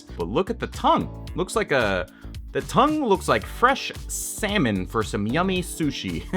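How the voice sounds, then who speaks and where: A man's voice: medium pitch, pushed and bright. A man casually reviewing an action figure, chatty and self-mocking, breaking into exclamations. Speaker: toy reviewer.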